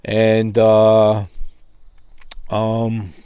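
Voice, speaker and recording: A middle-aged man giving a spoken testimony, telling his story in a lively way and acting out the voices of others. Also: on the low side, very slow, smooth, dry recording. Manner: animated, acts out quoted voices. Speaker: testimony speaker.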